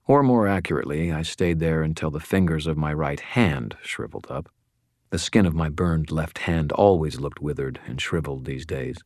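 A man narrating a first-person fantasy audiobook in a steady, wry storytelling manner. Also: extremely low pitch, normal speed, no echo, clean studio sound.

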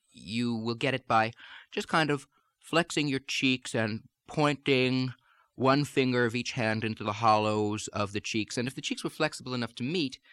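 A middle-aged American man teaching accents in an even, explanatory tone, every word cleanly shaped. His voice sits at an ordinary male pitch. The recording is close and dry, with no room sound. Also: dry recording. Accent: General American. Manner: measured, explanatory, carefully articulated. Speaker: dialect coach. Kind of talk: recorded instructional lesson.

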